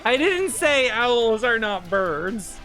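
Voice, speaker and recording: A woman's voice: on the high side, big pitch swings, slow, a bit bright. A woman streaming a video game who chats casually, laughs often, gets flustered and swears freely. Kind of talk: casual gameplay chat. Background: faint game music.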